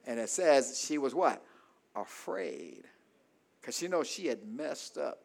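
A man a sermon, calling for amens and swinging between shouted peaks and soft low asides. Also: very animated, slow pace, creaky. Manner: call-and-response preaching, asks congregation for amens. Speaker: preacher.

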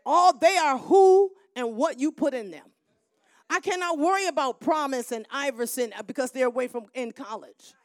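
A middle-aged woman minister preaching a sermon, swinging from quiet storytelling to loud shouted calls and crowd call-and-response. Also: high-pitched, animated, normal speed, dry recording, studio quality.

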